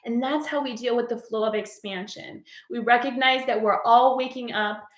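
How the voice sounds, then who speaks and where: A woman's voice: on the high side, fairly even intonation, moderate pace. A woman giving a heartfelt spiritual message in a casual, earnest way, peppered with "like". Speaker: spiritual coach. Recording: echoey room.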